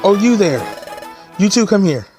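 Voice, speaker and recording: Brief: a man doing a stiff, orderly guild officer, stern and low-key in a game. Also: big pitch swings, normal speed, darkish tone, soft background music. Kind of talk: let's play dialogue reading.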